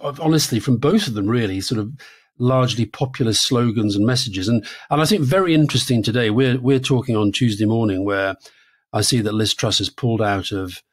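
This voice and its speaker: A man's voice: mid-range voice, fairly quick, husky. A British man co-hosting a political podcast in a casual, conversational way, often repeating words as he thinks aloud. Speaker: podcast co-host.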